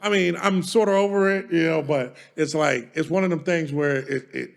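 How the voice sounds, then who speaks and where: Speaking at a normal speed, a podcast co-host with a fairly high, creaky voice swaps stories in loose conversation. His delivery is emphatic and full of profanity.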